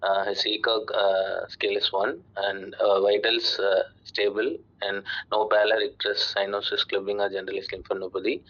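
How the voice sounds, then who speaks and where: A man's voice: lowish voice, little pitch movement, normal speed, hardly any pauses, fairly bright tone. A man presenting a case to his teacher, deferential and hesitant, saying "sir". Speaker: medical student. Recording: dull lo-fi sound.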